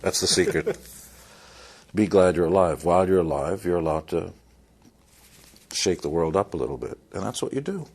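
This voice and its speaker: A man's voice: deep voice, animated, moderate pace, long pauses, a little mellow, slightly rough. A man speaking bluntly in an interview, giving motivational advice with wry, dry humor.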